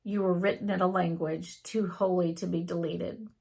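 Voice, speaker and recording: A woman's voice: on the low side, steady tone, moderate pace, gravelly, darkish tone, breathy edge. A woman reading out the lines of a sarcastic, wry male AI chatbot in a theatrical way. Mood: teasing.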